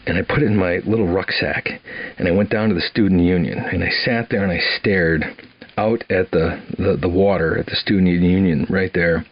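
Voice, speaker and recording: The audio is dull, and the voice is low: an older man from Wisconsin, USA, telling the story of his life. It's relaxed, meandering talk with laughter and many restarts.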